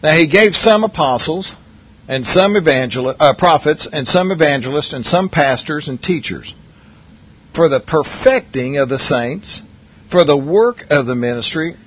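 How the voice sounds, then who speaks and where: Male preacher, conversational Bible teacher; husky, muffled low-fi sound. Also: expressive, normal speed. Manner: conversational, asks the congregation questions, restarts often.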